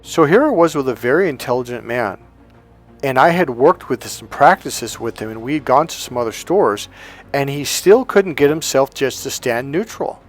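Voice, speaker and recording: A man's voice: mid-range voice, expressive, normal speed, soft background music. A man giving an emphatic coaching talk on dating, telling anecdotes and acting out the quotes. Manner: emphatic, storytelling, acts out quotes.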